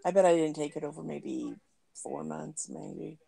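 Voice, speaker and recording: A woman's voice: deep voice, fairly even intonation, a little slow, gravelly, dark tone, husky. A woman chatting offhandedly as a guest on a live talk show. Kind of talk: casual chat.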